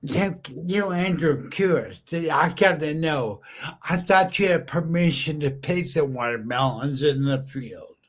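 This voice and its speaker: A man's voice: on the high side, a little slow. A man hosting a podcast interview, enthusiastic and full of praise for his guest. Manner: enthusiastic, complimentary. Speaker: podcast host. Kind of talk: casual interview.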